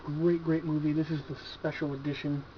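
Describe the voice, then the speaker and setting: This horror collector goes over what he's bought in a relaxed, profane, excited way, leaning heavily on filler words. His fairly high voice keeps a level tone at a brisk clip. It's a casual video review recorded dull and lo-fi, old-home-video style, with a faint hiss.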